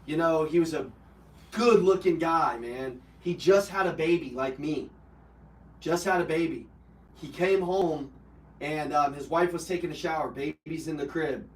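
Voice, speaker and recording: A man's voice: on the high side, measured pace. Man telling a heartfelt story in a roomy space. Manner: blunt and heartfelt, with swearing and many fillers. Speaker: host of a live personal development call. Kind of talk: emotional personal storytelling. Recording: roomy, from a distance.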